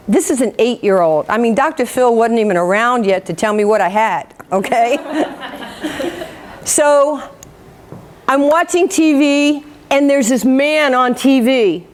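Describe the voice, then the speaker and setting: A woman in her fifties from New York gives a motivational speech, telling her life story with animated, self-mocking humor and acting out the people in it. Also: sits high, unhurried. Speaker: motivational speaker.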